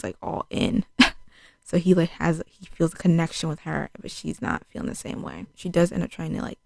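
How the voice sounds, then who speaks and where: A woman's voice: fairly low pitch, gravelly, mellow, no echo. A young woman recapping a TV series in a chatty, casual way, peppering her talk with "like" and acting out quotes. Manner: chatty, fills speech with "like", acts out quotes. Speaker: TV show reviewer. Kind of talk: casual spoken show recap.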